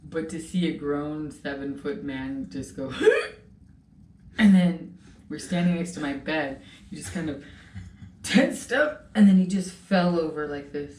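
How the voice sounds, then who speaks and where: Animated woman in a roomy space. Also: low-pitched, a little slow. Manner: animated storytelling. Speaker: host. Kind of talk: casual chat. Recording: roomy, a bit far from the mic, faint noise.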